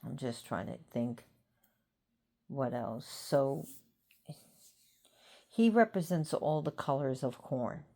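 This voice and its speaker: A tired woman talking casually about an old god, rambling and pausing to think. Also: rumbling low, animated, warm tone. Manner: rambling, unhurried, pauses to think. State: tired, yawning. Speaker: host of a mythology talk. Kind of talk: casual talk to camera.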